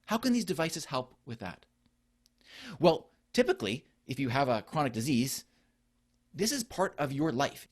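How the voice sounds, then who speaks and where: A middle-aged man delivers a conference talk as a doctor, earnest and explanatory. His pitch rises and falls freely, and he keeps posing rhetorical questions to the audience. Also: breathy edge. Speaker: physician presenter. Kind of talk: conference presentation.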